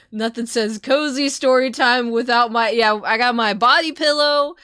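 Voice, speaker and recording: A woman's voice: on the high side, sharp tone, clean tone, dry recording, studio quality. A woman streamer, not a native English speaker, chatting loosely with her viewers, swearing and laughing often before a book reading. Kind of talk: casual live-stream chat.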